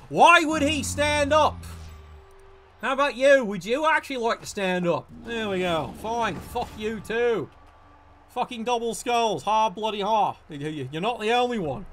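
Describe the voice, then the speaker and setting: Male streamer, high-pitched, exasperated sarcastic game commentary, lots of swearing. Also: a bit bright, a little hiss or hum. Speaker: gaming streamer. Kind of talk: ranting live game commentary.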